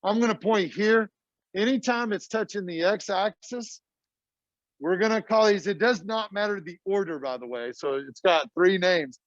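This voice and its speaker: A chatty middle-aged math teacher with a high voice talks to his class in a casual, talkative way at a moderate pace. The classroom recording sounds dull and dry, with no echo.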